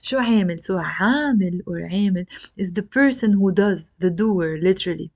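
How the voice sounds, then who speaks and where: A woman's voice: medium pitch, a little fast, mellow. Chatty Lebanese woman explaining a lesson. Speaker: language teacher.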